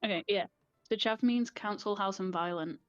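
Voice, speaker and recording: A woman's voice: medium pitch, normal speed, clear, resonant tone, no room sound, dull audio. A woman co-hosting a casual live stream, explaining things plainly and laughing easily. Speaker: streamer co-host.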